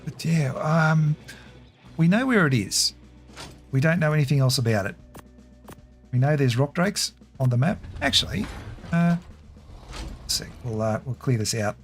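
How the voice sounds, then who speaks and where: A man's voice: fairly high pitch, animated, measured pace, pauses often, faint music behind. Chatty man streaming a game. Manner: chatty, laughing, reads chat aloud while playing. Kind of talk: casual live-stream commentary.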